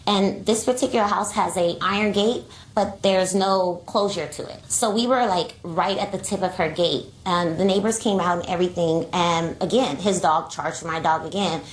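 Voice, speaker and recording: A woman plaintiff testifying in a courtroom, retelling events in a rushed run of clauses full of "like". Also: on the low side, steady tone. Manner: rushed, breathless retelling with many "like"s. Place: television courtroom. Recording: echoey courtroom with faint noise.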